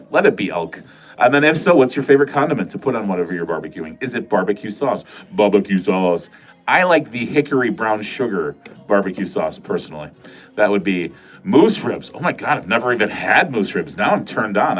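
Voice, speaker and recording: A middle-aged man hosting a casual livestream from a corner of his home, chatting with viewers in a rambling, self-mocking and profane way. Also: on the low side. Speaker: livestream host. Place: corner of a home filming room.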